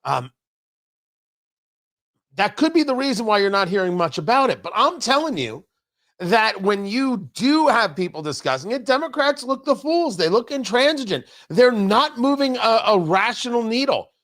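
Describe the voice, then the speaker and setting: A man's voice: very high voice, sing-song, moderate pace, fairly bright tone. Indignant male talk show host. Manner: indignant, mocking, emphatic. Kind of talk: political talk show monologue. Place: radio studio.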